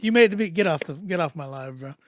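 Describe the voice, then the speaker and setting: A man hosting a live music critique stream, talking in a casual, animated way, often laughing and repeating himself. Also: fairly high pitch, quick pace, no echo. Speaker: livestream host critiquing music.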